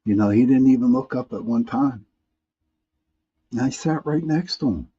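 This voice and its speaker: A man's voice: medium pitch, moderate pace, warm tone, husky, lo-fi sound. A man hosting a live paranormal talk stream, reading viewer comments in a rambling way, often restarting and repeating words.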